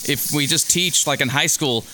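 A middle-aged man co-hosting a casual chat. His voice sits a little high and sounds bright, and he rambles with stammers and offhand jokes. Faint noise hums under the recording. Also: moderate pace. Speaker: podcast co-host.

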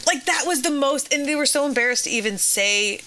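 Bright-voiced mother telling a funny story. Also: sits high, fairly quick, a little hiss or hum, rough recording. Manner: animated, laughing storyteller. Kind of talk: casual phone chat storytelling. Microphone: phone call.

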